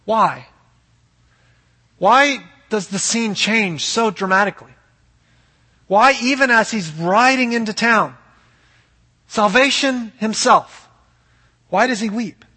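A man's voice: high voice, slow pace, pauses often, pushed and bright, breathy edge, long reverb tail. A man preaching a sermon as pastor, earnest and emphatic, asking rhetorical questions.

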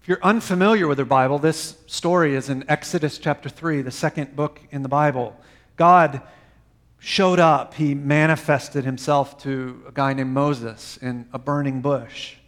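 A man delivering a sermon in a somewhat high voice. He presses hard on key words, then drops to a near hush, and leans into a slow, deliberate delivery. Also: fairly even intonation. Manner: dynamic preaching, dropping to soft quiet phrases. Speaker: pastor.

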